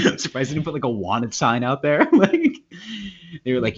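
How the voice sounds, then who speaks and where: A man's voice: mid-range voice, wildly swooping pitch, unhurried, pauses often. A man co-hosting a podcast from home, telling a long story casually, full of "like" and acted-out quotes. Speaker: podcast co-host. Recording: dull lo-fi home recording.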